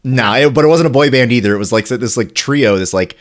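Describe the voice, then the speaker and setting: A man co-hosting a casual podcast, teasing and joking with a playful manner. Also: brisk. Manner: playful, teasing, with lively swoops in pitch. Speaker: podcast co-host.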